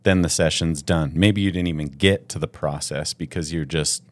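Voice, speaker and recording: Deep-voiced man asking probing questions. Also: steady tone. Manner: thoughtful, probing, halting restarts. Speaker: podcast co-host. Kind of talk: casual interview questions.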